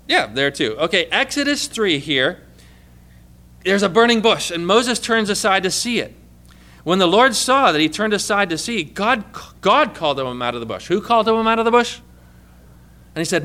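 Male preacher, high and bright, teaching a sermon with call-and-response questions. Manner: asks the congregation questions and prompts answers; reads scripture aloud with emphatic stress.

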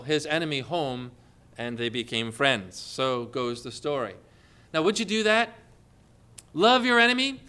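A man's voice: fairly high pitch, sharp tone. A man preaching a sermon, telling stories and rising into emphatic questions.

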